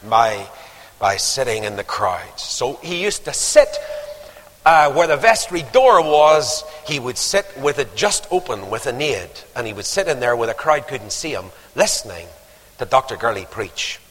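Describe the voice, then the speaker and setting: A man's voice: mid-range voice, very animated, a little slow, fairly bright tone. An older man preaching a sermon, telling stories and building to emphatic calls to action. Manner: storytelling, rising to emphatic exhortation. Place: church. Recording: long hall reverb.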